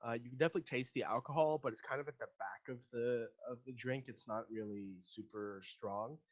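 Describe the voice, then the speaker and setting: A man narrating as game master of a tabletop game, relaxed and hesitant, with many fillers. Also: medium pitch, a little fast, dull audio.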